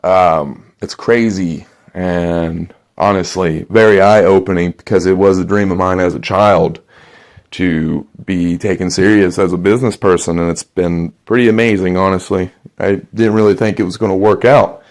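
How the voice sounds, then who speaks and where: A man's voice: low-pitched, steady tone, normal speed. A male stand-up comedian telling rambling, profane stories in a comedy set.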